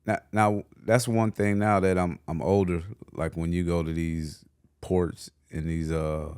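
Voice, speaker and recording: A man's voice: sits low, little pitch movement, unhurried, darkish tone, clear, resonant tone, dry recording, clean studio sound. A man co-hosting a podcast in casual chat, reacting emphatically and laughing easily. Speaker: podcast co-host.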